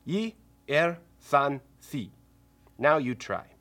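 Man doing a gentle friendly bear, inviting, slow, storybook voice. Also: a little high, sing-song, full character voice. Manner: cheerful, inviting children to join in.

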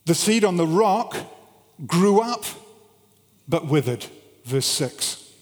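A middle-aged man preaching a storytelling sermon to an audience, animated, with big swings in pitch and loudness. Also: slow pace. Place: large hall with an audience. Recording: long hall reverb.

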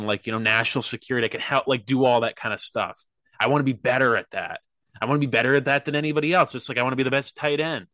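A man's voice: mid-range voice, sharp tone, no room sound. A young man talking earnestly and rambling with lots of fillers in a casual podcast chat. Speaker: podcast guest, athlete.

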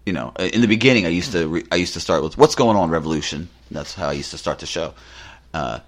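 A man's voice: low voice, fast talker. A man co-hosting a podcast, telling casual anecdotes and acting out the people he quotes. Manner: animated, acts out quotes in his anecdotes. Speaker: podcast co-host. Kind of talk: casual storytelling chat.

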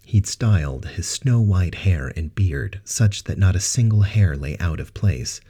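A man narrating a science fiction audiobook in a steady, even reading. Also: deep voice, unhurried, slightly rough. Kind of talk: scripted narration.

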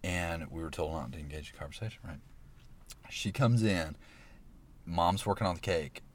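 A man's voice: deep voice, moderate pace. A man, animatedly telling a story in casual podcast chat, laughing often. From Alabama. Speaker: podcast guest.

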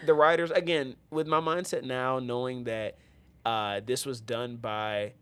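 A man chatting casually as a podcast host, his voice sitting at an ordinary middle pitch. He rambles along, leaning on fillers and restarting his sentences. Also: steady tone, unhurried, a bit bright, clear, resonant tone. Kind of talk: casual chat.

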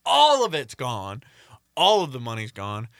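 Young male storyteller, bright forceful tone, dry close sound, lively acted-out quotes. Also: medium pitch, a little slow, no room sound. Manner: animated storytelling, acting out quotes. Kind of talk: casual podcast chat.

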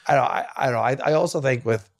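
A man's voice: mid-range voice, racing. A man co-hosting a podcast, talking in a loose, rambling way with many restarts and quoted voices. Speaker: podcast co-host. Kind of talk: casual chat.

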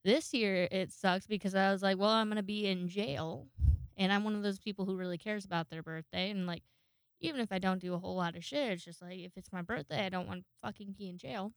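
A young woman talks loosely into a close home mic, hosting her own podcast and rambling from one thought to the next. Her voice is smooth and clear, and the sound is dry, with no room around it. She swears freely and laughs at herself. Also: mid-range voice, steady tone, fast, no echo. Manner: rambling, profane and self-deprecating, with frequent laughs and restarts. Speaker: podcast host. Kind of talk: casual solo podcast monologue.

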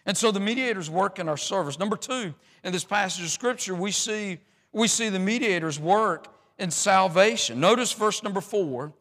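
A man's voice: high-pitched, animated, moderate pace, fairly bright tone, big-room sound. A man preaching a sermon in a folksy, rambling way, with many restarts and fillers.

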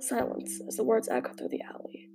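A woman's voice: fairly quick, dark tone. A woman reading a fan story aloud with dramatic storytelling. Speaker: narrator. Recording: faint music behind. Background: faint music.

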